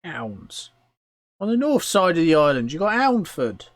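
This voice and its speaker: A man voicing a drunk, suspicious male goblin in a tavern, gruff and blunt. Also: a little high, big pitch swings, unhurried, dry recording, voice pushed up.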